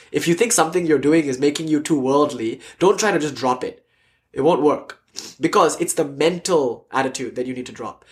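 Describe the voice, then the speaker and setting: A man giving a spiritual lecture in an animated storytelling way, sometimes dropping to a soft near-whisper. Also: a little high. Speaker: spiritual teacher.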